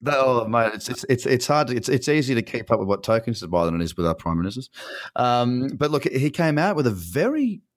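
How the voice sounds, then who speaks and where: A man's voice: mid-range voice, big pitch swings, a little fast, no echo, clean studio sound. An Australian man hosting a casual interview, asking long rambling questions with many restarts. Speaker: podcast host.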